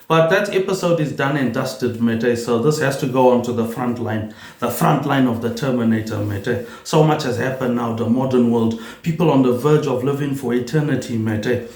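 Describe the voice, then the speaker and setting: A man rambling through a solo vlog monologue, repeating words and tagging his lines with a low "mate, eh". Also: darkish tone. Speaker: vlogger. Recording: roomy echo.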